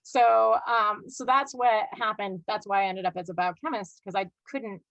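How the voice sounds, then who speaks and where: Woman guest on a video call, chatty storyteller with lots of restarts, plain pitch, dry sound. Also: moderate pace, no echo, highs cut off. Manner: animated, chatty, many fillers and restarts. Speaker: guest horse trainer. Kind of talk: storytelling in a live video interview.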